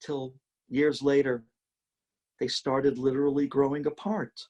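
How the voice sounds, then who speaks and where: A rabbi telling a dramatic story in a sermon with a varied, expressive delivery. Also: male voice, medium pitch, measured pace.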